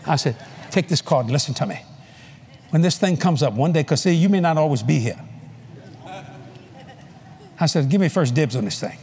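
A male preacher telling a story in a sermon at a convention, animated and playful, laughing often and bursting into shouts. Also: on the high side, moderate pace, pauses often, slight background noise. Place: convention hall before a live audience.

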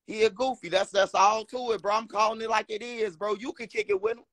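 A man's voice: high voice, fairly even intonation, a little fast, fairly bright tone, dry recording, studio quality. A man with a Chicago accent hosting a heated livestream argument, talking brash trash and repeating himself. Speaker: host.

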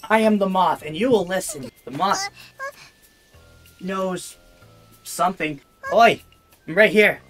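A woman's voice: medium pitch, very animated, slow pace, pauses often, faint music behind. A woman streaming a VR game, casually commentating in a bossy, exasperated way, close to a desk microphone at home. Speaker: VTuber streamer. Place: home room, playing standing in VR.

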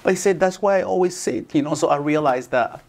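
A man talking as an interview guest, earnest and halting, with many restarts and "you know". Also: fairly high pitch, creaky, darkish tone. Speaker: guest, foster parent. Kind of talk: conversational interview.

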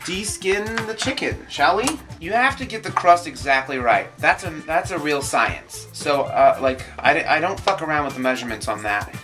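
A man's voice: a little high, animated, normal speed, hardly any pauses, bright, forceful tone, faint music behind. A man cooking and chatting casually, joking and swearing often. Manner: profane, joking, playful. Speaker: home cook guest. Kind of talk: casual cooking demo and chat.

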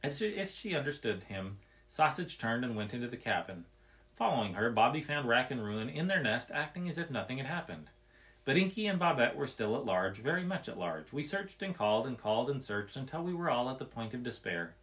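A man reading a nature story aloud in an expressive, measured way. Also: mid-range voice.

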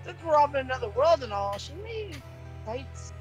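Low-key teasing woman co-player. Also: very animated, normal speed, soft background music. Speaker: co-player voicing characters. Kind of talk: let's play voice acting with friends.

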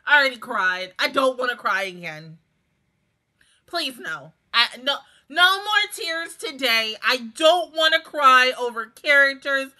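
A woman's voice: high voice, very animated, unhurried, sharp tone, rough recording. A woman reacting to an anime episode, pleading and laughing a lot as she talks to herself. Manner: emotional, pleading, laughs often. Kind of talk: casual reaction commentary.

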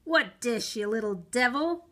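A woman voicing a gruff, threatening male street conjurer in a read-aloud story. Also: fairly high pitch, animated, a little slow, sharp tone.

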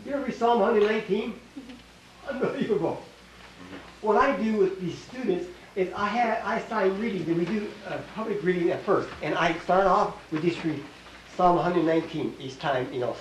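With lively intonation, a high pitch, and a moderate pace, an older man with a Canadian accent runs a Bible class in a small church hall. He's emphatic, goes over points again and again, and quizzes his listeners, heard through a distant mic in an echoey room with faint hiss.

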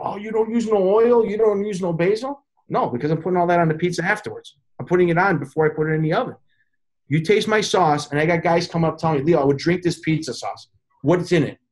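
A man, a pizza chef and consultant, telling stories in a casual interview and acting out the voices of people he quotes. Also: a little high. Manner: animated, acts out quoted voices.

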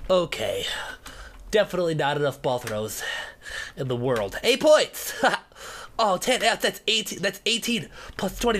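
Man, comedic game commentary, goofy, lively swings in pitch, silly put-on voices, mutters under breath. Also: a little hiss or hum. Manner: goofy, jumps between silly character voices and yelps; mutters and whispers under his breath while playing. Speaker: gameplay commentator. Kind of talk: comedic let's-play commentary.

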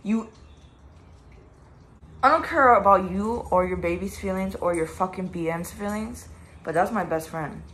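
A woman's voice: medium pitch, measured pace, pauses often, a bit bright, a little hiss or hum. A young woman vlogging about her late best friend, tearful at times and then angrily cursing at people who hurt her. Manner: grieving then angry, profane ranting. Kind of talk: emotional direct-to-camera vlog.

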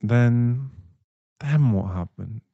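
A young man in a whispered role-play, voicing a caring, protective boyfriend who speaks softly and reassuringly, with a gravelly voice. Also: medium pitch, no room sound, dull audio. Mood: tender. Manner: soft, reassuring, slow-spoken. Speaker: ASMR voice actor.

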